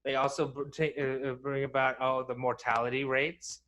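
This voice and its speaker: A man's voice: mid-range voice, little pitch movement, normal speed, fairly bright tone. Casting note: young man, casual podcast co-host, rambling, many fillers, restarts. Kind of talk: casual chat.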